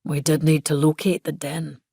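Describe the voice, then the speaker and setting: A woman reading the lines of a quiet, gentle man on a wildlife team, who speaks softly. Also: deep voice, little pitch movement, normal speed, vocal fry, husky, dry recording, clean studio sound, exaggerated voice. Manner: soft-spoken, murmuring.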